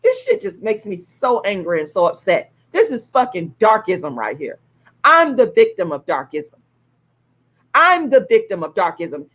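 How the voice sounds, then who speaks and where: A woman ranting on a livestream, heated and indignant, swearing and repeating herself as she promotes her own show. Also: fairly high pitch. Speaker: YouTube live streamer promoting her own play. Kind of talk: angry livestream rant, then ticket promotion.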